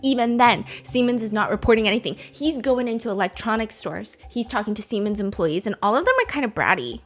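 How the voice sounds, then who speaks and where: A young woman hosts a casual podcast, telling a story in a lively, chatty way. Her voice sits a bit high, and she laughs often and slips into acted-out quotes. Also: quick pace. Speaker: podcast host.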